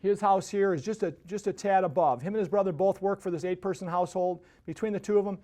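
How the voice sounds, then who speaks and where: A man's voice: high-pitched, steady tone, fast, dark tone. A man hosting a podcast, telling a casual story that rambles with many restarts and tag questions. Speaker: podcast host.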